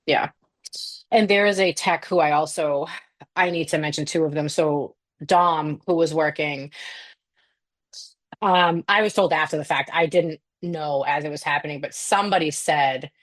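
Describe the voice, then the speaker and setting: A woman's voice: low-pitched, moderate pace. A young woman, a nurse, chatting casually on a podcast, telling stories animatedly, laughing often and swearing freely. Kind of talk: casual chat.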